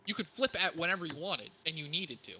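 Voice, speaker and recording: A man co-hosting a podcast, chatting casually about video games, excitable and swearing freely. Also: on the high side, fast talker, husky, rough recording. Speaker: podcast co-host. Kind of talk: casual gaming chat.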